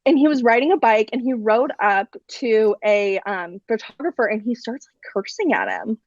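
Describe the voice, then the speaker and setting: Woman, young adult, high voice, rambling, animated, swears, casual podcast chat, dull lo-fi sound. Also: normal speed, no room sound. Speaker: podcast guest. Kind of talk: casual pop culture chat.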